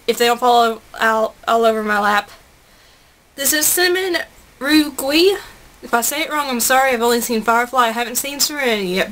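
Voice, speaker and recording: An excitable young woman talks through an unboxing vlog at home, gushing and chatty. Her voice sits high. A faint hiss of noise hangs behind her. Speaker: vlogger.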